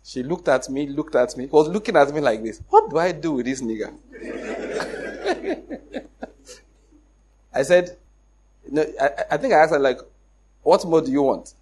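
A middle-aged Nigerian man with a Nigerian accent, telling a personal story in an animated way, acting out the dialogue and laughing often. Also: on the high side, slow, long pauses, a little hiss or hum. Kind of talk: casual storytelling.

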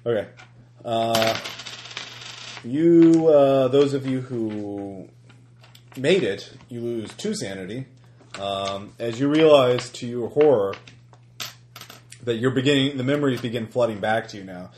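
A man's voice: mid-range voice, measured pace, long pauses, a little mellow, roomy sound, a little hiss or hum. A man narrating a tabletop horror game as game master, talking in a hesitant way with many fillers and restarts.

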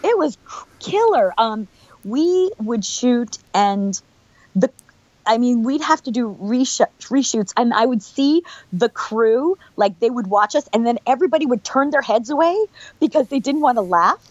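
A woman's voice: fairly high pitch, lively intonation, measured pace, a little mellow, dry recording, lo-fi sound. A middle-aged woman, an actress being interviewed, chatting in a bubbly, rambling way and laughing often. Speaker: actress guest. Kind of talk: casual interview chat.

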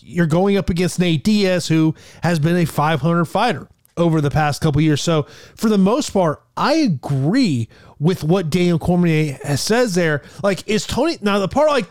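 A man with a high-pitched voice co-hosting a casual fight-sports podcast. He talks loosely and leans on "like" fillers and restarts. The recording is dry and close-miked. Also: a little mellow, no echo. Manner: chatty, with many "like" fillers and restarts. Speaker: podcast co-host. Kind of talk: casual MMA podcast chat.

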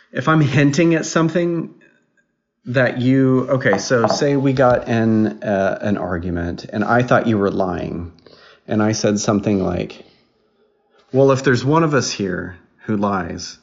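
A man in his thirties chatting casually with his young daughter on a podcast, patiently explaining things through questions and gentle teasing. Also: lowish voice. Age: 30s. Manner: patient explainer who asks questions and teases. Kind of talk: casual family chat. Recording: dull lo-fi recording.

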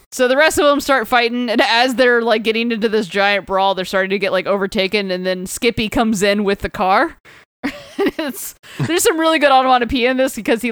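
Woman, casual podcast chat, smooth clear voice, dry close sound, laughs often, does character voices. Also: on the high side, moderate pace, fairly bright tone, no echo. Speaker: podcast co-host. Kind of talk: casual chat recapping a comic.

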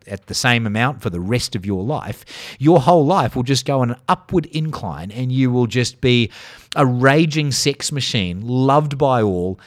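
A man's voice: mid-range voice, no room sound, studio quality. A middle-aged Australian man hosting a solo podcast, ranting sarcastically with lots of swearing. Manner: sarcastic, profane, exasperated ranting. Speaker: podcast host.

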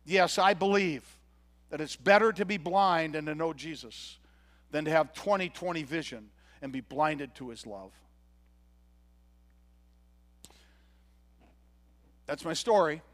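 Pastor doing a healed blind guy telling his story, high voice, earnest sermon monologue. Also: normal speed, a bit bright, lightly acted. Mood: grateful. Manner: earnest storytelling with quoted dialogue. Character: grown man once blind, healed, earnest and grateful. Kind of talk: dramatic first-person sermon monologue.

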